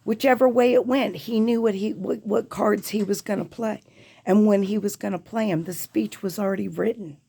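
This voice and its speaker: A woman's voice: mid-range voice, fairly even intonation, normal speed, creaky, dark tone, breathy edge. A woman hosting her own podcast, delivering an impassioned, profane political rant with urgent emphasis. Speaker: podcast host.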